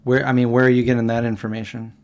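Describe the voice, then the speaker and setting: A man hosting a casual livestream, rambling and reacting to chat comments with quick questions. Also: medium pitch, level tone, darkish tone. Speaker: livestream host answering chat.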